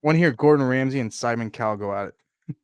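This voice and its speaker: A man co-hosting a casual livestream, energetic and joking, calling people "dude". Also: mid-range voice, fast talker, smooth, no room sound. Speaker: PC company co-host.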